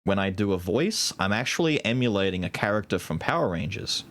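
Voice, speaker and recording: A man's voice: on the low side, lively intonation, brisk, fairly bright tone. A man in his thirties streaming a video game, chatting casually and swearing freely. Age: 30s. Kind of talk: casual gaming commentary.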